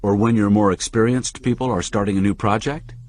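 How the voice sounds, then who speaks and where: A man's voice: fairly low pitch, steady tone, a little fast, a little mellow, close to an everyday voice. A man reading the part of a curious young man asking earnest questions. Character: curious young male job-seeker, eager learner.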